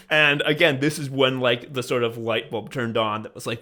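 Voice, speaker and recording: A man's voice: mid-range voice, moderate pace, few pauses, pushed and bright. A young man from the Chicago suburbs telling a profane, sardonic story as a podcast co-host. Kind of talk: casual chat, storytelling.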